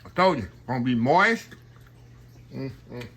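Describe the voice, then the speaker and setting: Filming in his home kitchen, a Southern American cooking vlogger chats in a folksy, talkative way and keeps calling out to "y'all." He speaks expressively at medium pitch, a little slowly, with a fairly bright tone.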